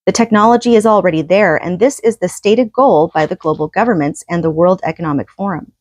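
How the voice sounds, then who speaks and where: A woman's voice: fairly low pitch, brisk, darkish tone, dry recording. Earnest woman reading a book aloud. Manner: earnest, rhetorical questions. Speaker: book reader and commentator.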